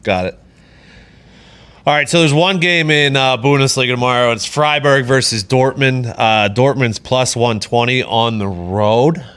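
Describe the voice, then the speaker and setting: A man's voice: medium pitch, a bit bright, clear, resonant tone. A man hosting a sports betting podcast, joking and swearing as he runs through the picks. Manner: joking, profane, runs through bets briskly. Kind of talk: casual chat.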